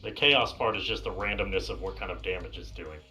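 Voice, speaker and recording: A woman playing a tabletop game, explaining the rules in a lively way. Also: rumbling low, a little fast, faint music behind. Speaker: player. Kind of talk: tabletop role-play as a player.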